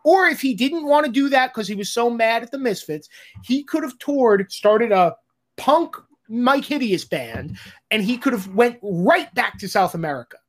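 With a very high-pitched, expressive voice at a moderate pace, a male film director gives a candid interview. He sounds blunt and fed up, curses freely and performs the exchanges he recounts.

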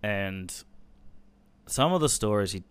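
A man, telling a painful personal story on a podcast in a halting, sombre way, with swearing. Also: lowish voice, expressive, a bit bright, clean tone. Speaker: podcast host.

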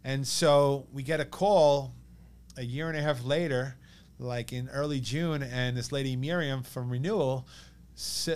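A man in his thirties with a New York accent, telling a personal story as a podcast guest in an animated way, acting out what others said. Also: medium pitch, unhurried, smooth. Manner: animated, quotes others in lively bursts.

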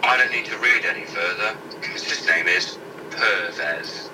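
Man, sweary and irreverent, stumbling through headlines, distant mic, loud background noise. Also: low voice, unhurried. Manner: irreverent, sweary, stumbles while reading aloud. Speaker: co-host reading out news headlines. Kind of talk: casual banter.

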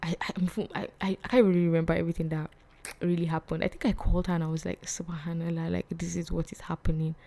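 A young woman, telling a personal story on her vlog in a soft, hesitant way that often drops to a whisper. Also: on the low side, flat delivery, quick pace. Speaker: vlog host.

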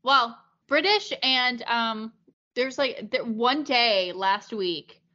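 Upbeat young woman asking questions, bright voice, laughs a lot, lo-fi. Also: on the high side, slow pace. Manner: lively, laughs a lot, enthusiastic. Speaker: interviewer. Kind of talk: casual chat.

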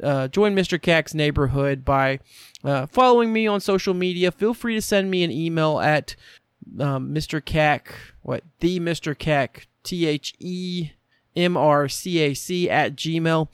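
A man with a high, smooth, resonant voice hosts a loose, casual chat. He jokes around and rambles at ease, heard close and dry with no room sound. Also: measured pace, dry recording. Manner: joking, loose wordplay and rambling sign-off. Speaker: podcast host.

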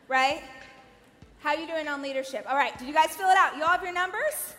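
A woman in her thirties giving an energetic conference keynote, coaching the audience with direct questions. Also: high voice, normal speed, a little hiss or hum. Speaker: keynote speaker. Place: large conference hall. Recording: reverberant hall.

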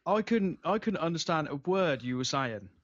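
A man co-hosting a podcast, blunt and quick to jump in with questions. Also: on the high side, sing-song, slightly rough, muffled recording. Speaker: podcast co-host. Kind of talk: casual chat.

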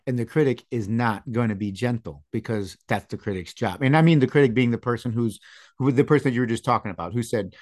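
A man's voice: medium pitch, fast, a little mellow. A man hosting a casual interview, affirming his guest and repeating short phrases. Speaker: podcast host.

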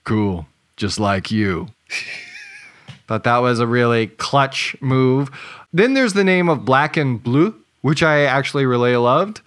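A man's voice: mid-range voice, huge pitch swings, takes it slowly, fairly bright tone. A man co-hosting a casual movie podcast, reading out quotes with dry amusement. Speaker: podcast co-host.

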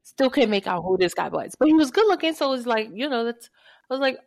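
A woman's voice: a little high, fast, no room sound. A woman co-hosting a podcast, telling a dating story in casual chat and acting out what people said. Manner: animated storytelling, acts out quotes. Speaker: podcast co-host.

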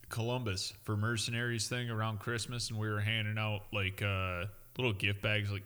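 Bright-voiced man telling a story. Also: lowish voice. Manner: exasperated, swearing storyteller. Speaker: podcast guest. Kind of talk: casual chat, anecdote.

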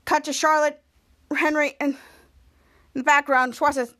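Young female podcast host, high voice, casual TV recap, jumps into quoted lines with loud outbursts. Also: fairly even intonation, brisk. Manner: acts out characters' lines with bursts of loud, high shouting.

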